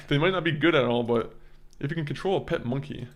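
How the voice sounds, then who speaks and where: A man's voice: mid-range voice, a little fast, a bit bright. A man streaming a game, chatting casually with his viewers, rambling and laughing and often tripping over his words. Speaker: gaming streamer.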